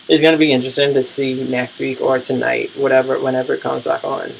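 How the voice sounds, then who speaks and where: Gravelly, blunt TV-recap vlogger. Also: mid-range voice, level tone, normal speed, slight background noise, rough recording. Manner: blunt, profane and rambling, with frequent fillers. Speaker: vlogger reviewing TV shows. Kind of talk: casual TV recap rant.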